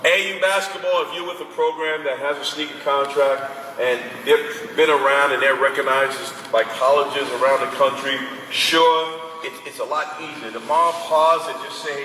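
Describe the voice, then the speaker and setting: A man with a bright, somewhat high voice speaks lively and conversationally to a room of parents, taking their questions. He is heard from a distance in a large, echoing hall with a long reverb tail and a faint hum of noise behind him. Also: normal speed. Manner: animated and conversational, acts out parents and coaches. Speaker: basketball recruiting advisor speaking to parents. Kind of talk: informal talk to an audience with questions.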